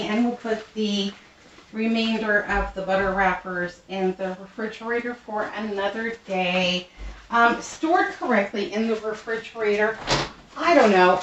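A woman in her home kitchen, chatting casually and rambling with fillers as she cooks. The room sounds roomy and echoey, and she stands a little back from the mic, with a faint background hum. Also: medium pitch. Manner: rambling and thrifty, lots of fillers and asides. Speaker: home cooking vlogger. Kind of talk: casual kitchen how-to chat. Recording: roomy echo, distant mic, faint noise.

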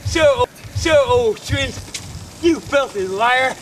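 A man's voice: extremely high pitch, animated, slow, fairly bright tone. An older man on a city street ranting and mocking someone in an abusive, taunting way. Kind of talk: hostile street rant. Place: outdoors on a busy city street. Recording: distant voice over street crowd noise.

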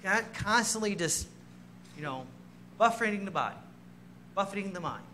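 A man's voice: high voice, lively intonation, normal speed, bright, forceful tone, a little hiss or hum. A man preaching a sermon in a church, telling stories about himself with self-mocking humor and laughing as he goes. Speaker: pastor. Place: church sanctuary.

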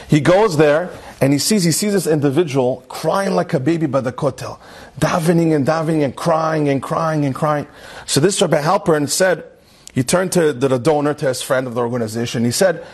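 A man, a rabbi, giving a Torah class and telling a story with lively, acted-out quotes and mixed in. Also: slightly rough. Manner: animated storyteller, acts out quotes in a higher voice.

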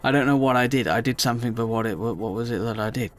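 A man giving chatty, emotional let's play commentary, often squealing up high in excitement. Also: fast.

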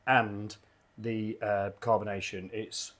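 A man's voice: lowish voice, flat delivery, slow pace, a bit bright. An enthusiastic man, rambling casually through a beer review at his home bar, often repeating his words.

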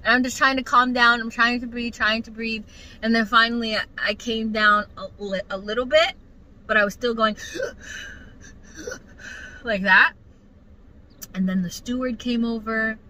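Bright-voiced, animated young woman. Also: fairly high pitch, low-quality recording. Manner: animated, profane, emphatic storytelling. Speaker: vlogger. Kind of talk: casual storytelling to her mother.

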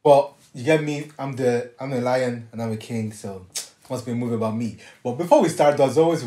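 A man's voice: mid-range voice, mellow. A young man hosting a casual film reaction with his brothers, upbeat and jokey. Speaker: channel host reacting to a film. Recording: echoey room with film music behind.

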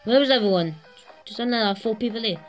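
A woman hosting a gaming channel, giving excitable let's-play commentary, swearing constantly and laughing at herself. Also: on the high side, fast talker, faint music behind.

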